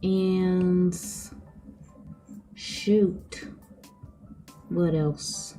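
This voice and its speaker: A woman's voice: lowish voice, fairly even intonation, extremely slow, mellow, soft background music. A young woman streaming, chatting casually with her viewers, giggly and full of fillers. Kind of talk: casual chat with livestream viewers.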